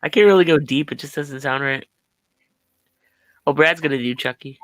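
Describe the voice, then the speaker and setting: A woman's voice: low-pitched, moderate pace, dry recording. A woman co-hosting a live horror show, chatting casually, laughing and swearing as she tries out celebrity impressions. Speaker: podcast co-host.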